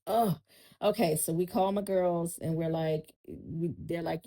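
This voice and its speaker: Woman telling her story, low voice. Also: steady tone, unhurried, mellow, rough recording. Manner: storytelling, addresses listeners as y'all. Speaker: podcast guest. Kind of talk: casual chat.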